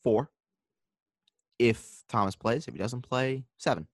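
Deadpan guy chatting fantasy football, bouncy pitch. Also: unhurried, dry recording. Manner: dry, deadpan joking. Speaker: podcast co-host. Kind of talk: casual fantasy football chat.

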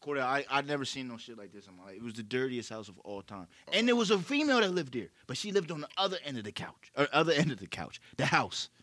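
A man's voice: mid-range voice, fast, few pauses, no room sound. A young man telling a story in casual chat, swearing a lot and acting out what others said. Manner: animated, swears a lot, acts out quotes loudly.

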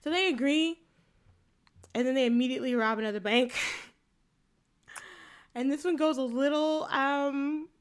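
A woman's voice: high-pitched, moderate pace, pauses often. A woman in her late twenties, co-hosting a casual chat and recapping a film, laid-back, swearing freely and laughing often. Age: late 20s. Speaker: podcast co-host recapping a film.

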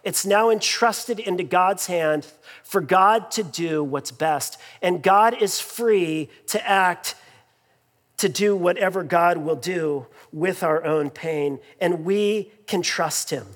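A man delivers a sermon in a church sanctuary, his voice sitting high for a man. He talks to the congregation in an easy, conversational way, full of fillers and repeated phrases. His words ring out with a long reverb from the big hall. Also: takes it slowly, fairly bright tone. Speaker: pastor.

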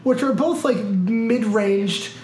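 A young man co-hosting a casual chat with friends, his voice sitting fairly high for a man. He rambles and restarts his sentences. It was recorded in an echoey room with a faint hiss underneath. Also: takes it slowly, darkish tone. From United States Midwest. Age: young adult. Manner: rambling, many restarts and fillers. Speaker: podcast co-host.

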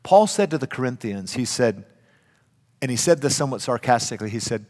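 An older man preaching a sermon, emphatic, swinging between loud and hushed. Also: mid-range voice, lively intonation, fairly quick. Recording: reverberant hall.

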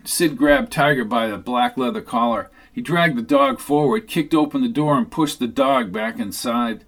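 A man reading a novel aloud as narrator, in a steady, even manner. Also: medium pitch, moderate pace. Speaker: audiobook narrator. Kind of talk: scripted narration.

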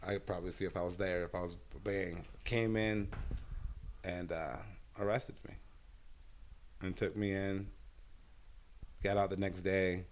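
A man, a stand-up comedian telling a long story in a casual interview, swearing often and filling pauses with "uh.". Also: deep voice, fairly even intonation, slight background noise. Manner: profane, rambling storyteller with many fillers.

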